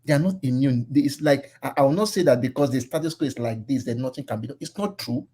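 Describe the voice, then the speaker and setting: A man's voice: mid-range voice, warm tone, slightly rough. A man with a Nigerian accent talking earnestly in a casual online political discussion, slipping into Pidgin phrases. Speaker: caller.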